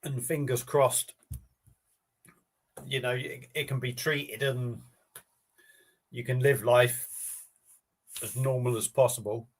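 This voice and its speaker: A man hosts a relaxed live stream, talking off the cuff to viewers. His delivery is rambling and matey, with easy swearing thrown in. His voice sits at an ordinary middle pitch. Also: takes it slowly, long pauses. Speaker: beer review streamer. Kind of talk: casual live-stream chat.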